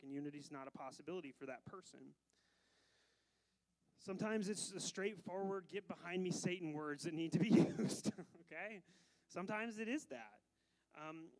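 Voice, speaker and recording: A man preaching a sermon as pastor, animated, switching between loud emphasis and quiet asides, with frequent laughs between phrases. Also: a little high, rough recording.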